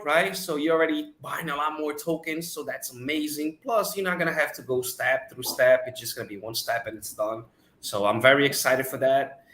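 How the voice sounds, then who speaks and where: A man's voice: a little high, pushed and bright. A man hosting a casual chat, enthusiastic, often checking in with "right?" and repeating himself. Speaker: podcast host. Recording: echoey room.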